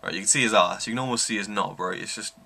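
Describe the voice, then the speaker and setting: Keen man, sharp bright voice. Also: on the low side, very fast, gravelly, slightly rough. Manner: enthusiastic, rambling, many ums. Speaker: wrestling reviewer. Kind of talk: casual review monologue.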